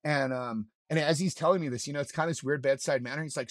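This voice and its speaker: A man's voice: medium pitch, fast, hardly any pauses, no room sound, studio quality. A man, a mountain guide and podcast guest, telling a story casually, acting out what others said and swearing freely. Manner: animated, acts out quoted lines, swears freely.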